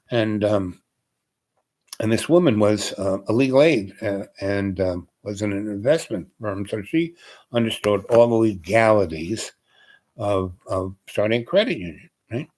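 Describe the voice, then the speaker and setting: A man's voice: lowish voice, a little mellow. An older man telling a casual, meandering story from his past, leaning on "you know" and other fillers as he talks. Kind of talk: casual rambling reminiscence.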